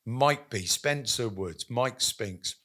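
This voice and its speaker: Animated male storyteller in business chat. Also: medium pitch, slow pace. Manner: animated storyteller, acts out quotes, many ums. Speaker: guest.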